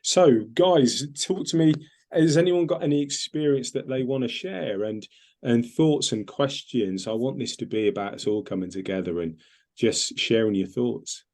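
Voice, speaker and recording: A man's voice: mid-range voice, normal speed, a little mellow. A man, a medium hosting a casual talk, speaking earnestly and reflectively with many fillers. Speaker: host, medium.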